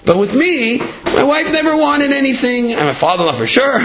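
An earnest scholar with an emphatic, pleading way of talking, as a man voices him a little above his own pitch. The sound is dull and lo-fi. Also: very animated, moderate pace, a loud crowd. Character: earnest young scholar, later humble old sage. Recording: dull lo-fi recording.

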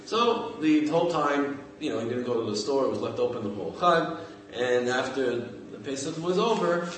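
Man telling a story in a booming room. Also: lively intonation. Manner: halting, conversational, often restarting phrases. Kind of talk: informal oral storytelling. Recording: echoey room, mic far off, faint background noise.

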